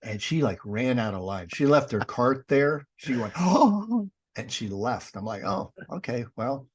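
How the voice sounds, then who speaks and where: A paranormal investigator and author, this middle-aged man talks at normal speed with a medium-pitched voice as a podcast guest. His casual stories are sarcastic and wry, with the dialogue acted out.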